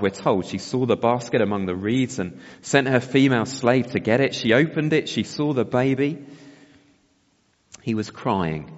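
A man preaching a sermon, reflective and often asking his listeners rhetorical questions. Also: fairly low pitch. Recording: long hall reverb, dull sound.

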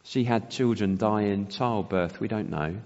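A man's voice: on the low side, unhurried, darkish tone. Man preaching in a reverberant hall. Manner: reflective, asks rhetorical questions. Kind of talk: sermon. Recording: long hall reverb, dull sound.

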